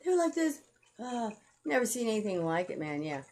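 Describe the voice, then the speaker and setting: A woman's voice: fairly high pitch, very animated, a little fast, darkish tone. A woman telling a rambling personal story to camera, blunt and profane, heated as she goes.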